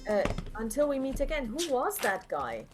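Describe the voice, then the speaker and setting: Woman voicing indignant nun, brisk scolding, higher voice, faint music behind. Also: big pitch swings. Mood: exasperated.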